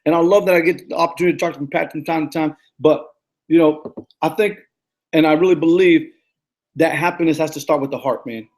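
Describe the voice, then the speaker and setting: A man in his thirties, a life coach giving a casual, energetic motivational talk that repeats its points and often stumbles and restarts. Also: fairly high pitch, fairly quick. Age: 30s. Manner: energetic, repetitive, preachy pep talk.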